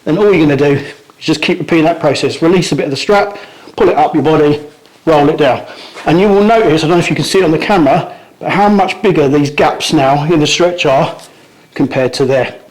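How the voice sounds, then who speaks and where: A man's voice: a little high, a little fast. A man coaching a hands-on demonstration, explaining each step and a little out of breath from the effort. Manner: instructive, step-by-step, trails off quietly at phrase ends. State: out of breath from pulling. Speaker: strength coach. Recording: echoey room.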